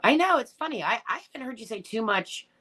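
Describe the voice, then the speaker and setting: This middle-aged woman talks fast in a high-ish, pushed, bright voice with lively intonation. Hosting a casual livestream, she reads comments from viewers and responds bluntly and emotionally, swearing plenty and turning tearful now and then.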